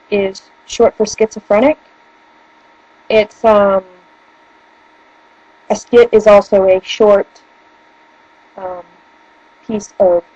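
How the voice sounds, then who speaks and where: A young vlogger with a northern US accent chats casually from a room at home beside a bookshelf, rambling and giggling as she goes. Her mid-range voice is mellow and husky, and the lo-fi recording has no echo.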